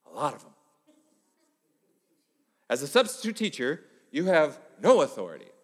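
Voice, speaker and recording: A man preaching in a church, his voice sitting a little high for a man and trailing a long reverb through the hall. He tells stories with energy and slips into the voices of the people he quotes. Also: normal speed, slightly rough. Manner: animated storytelling, acting out quoted voices. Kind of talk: sermon.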